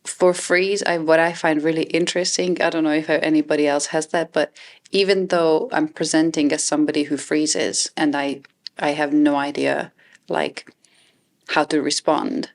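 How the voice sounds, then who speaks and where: A young adult woman co-hosting a podcast, reflective and halting, restarting sentences often as she explains her feelings. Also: sits low, level tone. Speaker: podcast co-host. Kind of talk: casual chat.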